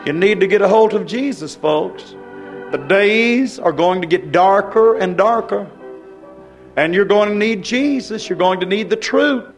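A man's voice: sits high, measured pace, soft background music. An older man, preaching a fervent, exhorting sermon.

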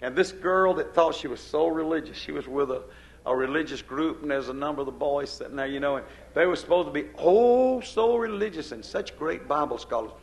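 Older preacher guy, high voice, emphatic sermon, rising and falling cadence. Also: a little fast, creaky.

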